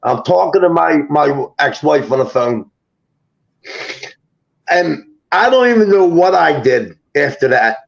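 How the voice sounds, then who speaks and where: A man with a gravelly, high-pitched voice retells a personal experience as a talk-show guest, animated and emotional. His account comes fast and halting, with frequent restarts, tripped-over words, and quoted dialogue from each person, all in dull, lo-fi audio.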